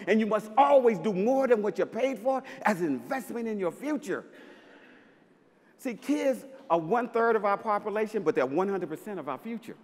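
A high-pitched man speaking live on a festival stage, playful and punchy, with sudden loud bursts for emphasis. His voice rings out with a long hall reverb trailing behind it. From Mississippi, US. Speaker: basketball coach giving a talk. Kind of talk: live inspirational stage talk. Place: large festival venue with audience.

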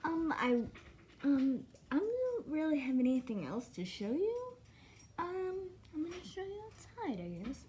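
A woman gives a casual, excitable home-tour vlog, chatting to her dogs and giggling often. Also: high-pitched, a little slow, slight background noise. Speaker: vlogger giving a home tour. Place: rural home, filming out the windows.

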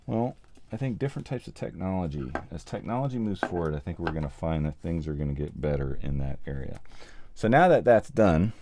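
A man's voice: deep voice, expressive, a little fast, a little mellow, a little hiss or hum. A man hosting a casual livestream, chatting and thinking aloud with many ums as he assembles gear and answers viewers. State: a little out of breath. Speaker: livestream host, sound mixer. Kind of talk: casual livestream chat while building gear.

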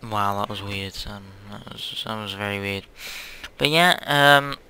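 Bright, hyperactive young man gaming. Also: on the low side, measured pace, clean tone. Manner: hyperactive, silly, rambling. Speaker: gaming channel host. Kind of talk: casual gameplay commentary.

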